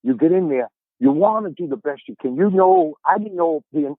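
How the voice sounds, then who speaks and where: A man's voice: a little high, expressive, normal speed, dry recording, phone-quality sound. A man in his fifties with a Boston accent, a podcast guest telling stories in a casual, rambling way and often repeating his words as he starts a sentence. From Boston area, USA. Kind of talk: casual storytelling chat.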